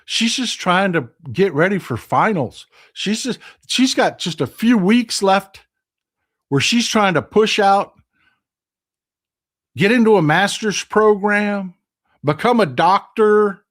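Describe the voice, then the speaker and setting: A man with a Texan accent hosting a casual political live stream, reading viewer comments and swinging from loud outrage to quiet, hushed replies. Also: high voice, expressive, slow.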